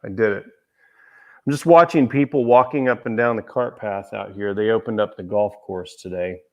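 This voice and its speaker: A man's voice: on the low side, moderate pace, a little mellow, dull audio. A man hosting a casual livestream chat, rambling and joking, talking from outdoors near a golf course. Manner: rambling, easily distracted, joking. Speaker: host and author.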